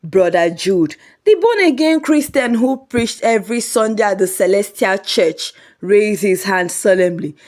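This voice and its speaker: Lively woman telling a comic story. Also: mid-range voice, measured pace, hardly any pauses. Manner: lively, humorous.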